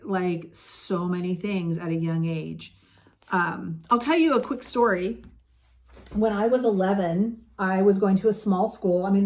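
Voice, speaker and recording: A woman in her late fifties telling a personal story in a rambling, chatty way on her crafting vlog. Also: mid-range voice. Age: 50s. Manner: rambling, chatty, with many fillers and asides. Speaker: crochet vlogger. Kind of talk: casual storytelling chat.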